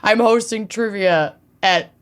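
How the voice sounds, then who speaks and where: A woman's voice: mid-range voice, slow, smooth. A woman co-hosting a podcast in casual chat, wry, laughing often and swearing casually. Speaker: podcast co-host.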